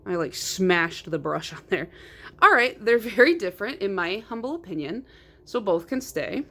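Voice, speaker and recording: A woman talking casually to her viewers as she goes through her nail polish collection. She is chatty and quick to poke fun at herself, with frequent laughter. Her pitch sits in an ordinary middle range for a woman. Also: very animated, pushed and bright. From United States. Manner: chatty and self-mocking, laughs often. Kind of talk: casual chat.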